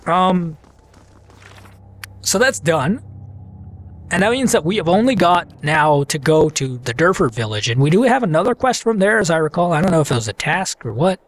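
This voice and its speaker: A man hosting a let's play, chatting casually and playfully while he reads the game aloud. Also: sits high. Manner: chatty, playful, self-mocking.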